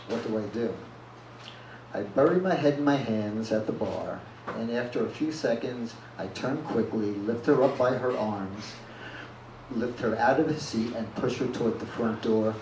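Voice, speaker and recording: A man's voice: medium pitch, a little mellow. A man reading a first-person story aloud at a live reading event, blunt and plain-spoken. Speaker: reader at a live reading series. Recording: echoey room from far off, with noise.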